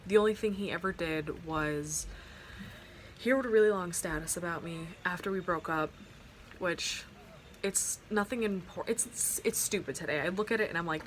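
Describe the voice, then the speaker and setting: A woman's voice: lowish voice, normal speed, pauses often, a bit bright, slight background noise. A young adult woman vlogging at home into her phone, telling a personal story in a rambling, heartfelt way full of fillers and restarts. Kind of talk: casual storytime vlog. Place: at home by an open window. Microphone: phone camera.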